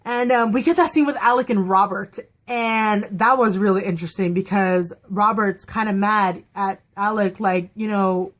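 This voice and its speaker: A young woman chatting casually on her vlog, excitable and quick to laugh, acting out quotes as she goes. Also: medium pitch. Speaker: vlogger reviewing a TV episode. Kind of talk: casual chat.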